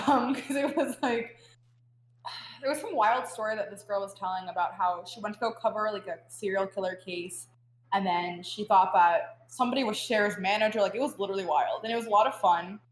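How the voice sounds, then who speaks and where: A woman's voice: mid-range voice, fairly quick, slight background noise. Chatty young woman in a roomy room. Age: young adult. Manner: chatty, full of "like" fillers, animated storytelling. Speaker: guest. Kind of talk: casual podcast interview. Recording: roomy echo.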